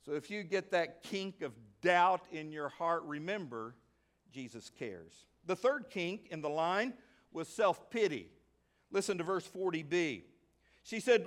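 A man in middle age preaches, and his voice sits high. He is animated, throws questions at the congregation, and slips into the voices of the people in the story. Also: unhurried. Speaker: pastor. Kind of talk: sermon.

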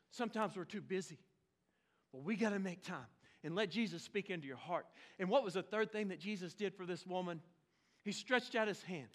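High, bright-voiced energetic pastor. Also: male voice. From Oklahoma. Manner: energetic, exclamatory preaching with playful asides. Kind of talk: sermon.

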